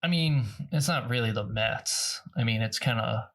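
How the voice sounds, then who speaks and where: A man co-hosting a casual podcast, making dry, deadpan asides while telling a story. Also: mid-range voice, normal speed. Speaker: podcast co-host. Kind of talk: casual chat.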